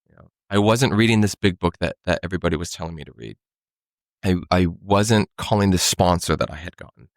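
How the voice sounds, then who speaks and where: Low gravelly man telling his story. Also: lively intonation, no room sound. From California. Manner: halting, many restarts and "you know". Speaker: podcast guest sharing recovery story. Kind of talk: casual storytelling.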